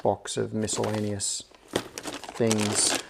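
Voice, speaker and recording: Hosting a live stream, a man talks in a low, monotone, slow and creaky voice, chatting casually and muttering to himself. He searches a workshop clean room amid the rustle of anti-static bags and occasional clicks.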